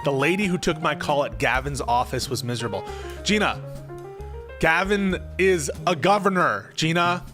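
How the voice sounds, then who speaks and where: Higher-voiced man in casual political commentary. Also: animated, moderate pace, fairly bright tone, soft background music. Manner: thinks aloud, reads chat, grows emphatic when arguing. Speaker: political streamer reading chat.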